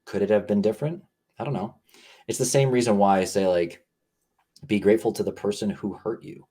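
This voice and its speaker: A man with a lowish, mellow voice talks a little fast as a guest on a podcast. His reflective, conversational talk is earnest and rambling, and he leans heavily on "like" while thinking aloud.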